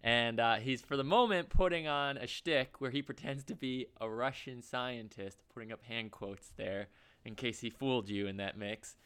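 A man's voice: medium pitch, moderate pace, a bit bright, clean tone. A man co-hosting a casual podcast, chatty and rambling with frequent laughs. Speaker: podcast co-host. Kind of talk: casual chat.

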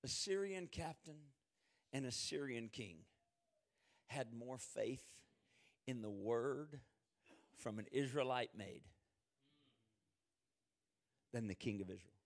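A man preaching a sermon, reading scripture aloud and swinging from shouted quotes to hushed, quiet asides. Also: mid-range voice, animated, takes it slowly, pauses often.

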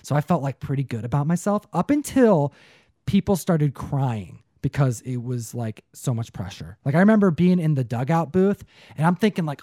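A young man chatting casually as a co-host, his voice sitting a little high. He tells stories with lots of energy and keeps dropping "dude" into his talk. The sound is dry and close to the mic. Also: moderate pace, no echo. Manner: animated storytelling, puts on voices, says "dude" a lot. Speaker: podcast co-host. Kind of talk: casual chat.

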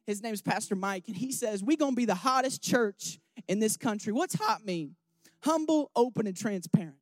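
A man's voice: sits high, normal speed, no room sound. Emotional man preaching a sermon. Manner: candid, rambling, with many restarts and direct questions to the audience; swings from hushed and emotional to loud and rousing.

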